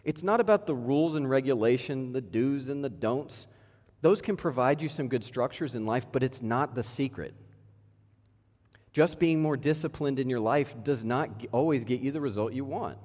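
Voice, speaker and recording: In an echoey church hall, a pastor in his thirties preaches a sermon in a casual, conversational way, firing off rhetorical questions. His voice sits in the mid range, a little mellow, at a moderate pace.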